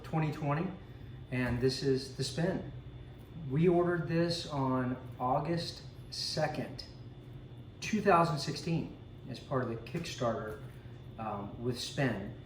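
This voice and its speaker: A man chatting casually with frequent ums and asides as he unboxes a coffee maker at home. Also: medium pitch. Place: home room with a dog. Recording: echoey room, distant mic, noisy background.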